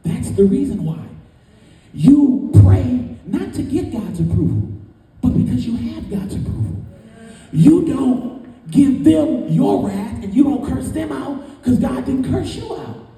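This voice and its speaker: A man's voice: very high voice, animated, unhurried, gravelly, warm tone. A man preaching a sermon as pastor, emphatic and sing-song, heard from far off in a large hall.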